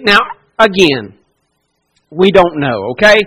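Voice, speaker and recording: A man's voice: sits high, normal speed, fairly bright tone, rough recording. A man preaching a sermon with passion, repeating phrases for emphasis and acting out quoted speech. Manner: impassioned, repetitive preaching with dramatic quoted speech. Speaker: pastor.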